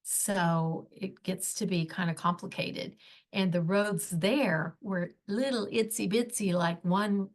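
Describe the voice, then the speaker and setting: Woman, podcast host, slow pace, casual solo storytelling, chatty, enthusiastic. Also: mid-range voice, steady tone. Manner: chatty and enthusiastic, gushing asides.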